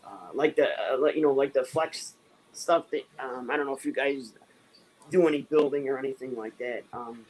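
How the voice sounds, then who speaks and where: A man's voice: medium pitch, steady tone, moderate pace, a little hiss or hum, poor audio. A man chatting casually in a group, rambling with many fillers and restarts. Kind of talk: casual chat.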